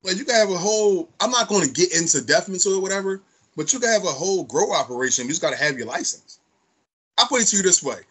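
A man's voice: high-pitched, lively intonation, fast, a bit bright, slightly rough. A man co-hosting a podcast, telling stories in blunt, profane casual chat. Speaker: podcast co-host.

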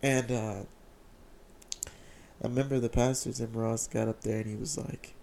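A young man telling an emotional, excited personal testimony, repeating phrases as he speaks. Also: medium pitch, moderate pace, creaky, long pauses, a little hiss or hum.

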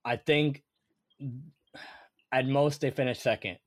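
A young man co-hosting a casual sports podcast, animated and thinking aloud with lots of fillers. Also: mid-range voice, takes it slowly, no echo, clean studio sound. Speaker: podcast co-host.

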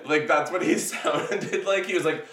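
A man's voice: a little high, normal speed, a bit bright. A man in casual chat, laughing often and slipping into funny impressions of movie characters. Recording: echoey room, a bit far from the mic.

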